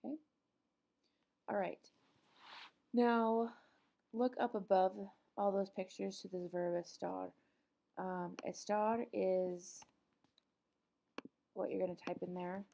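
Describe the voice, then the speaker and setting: A middle-aged woman teaching a recorded Spanish lesson, explaining patiently with frequent pauses and ums. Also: medium pitch, little pitch movement, creaky, mellow, slight background noise.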